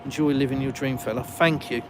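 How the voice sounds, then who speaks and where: A man's voice: medium pitch, fairly even intonation, fairly quick. Chatty southern English man on a noisy street. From England. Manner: chatty, self-mocking, answers viewers casually. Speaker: live-stream host. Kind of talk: live stream chat, reading comments. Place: outdoors in a village, walking. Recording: noisy outdoor phone stream. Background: passing cars and street noise.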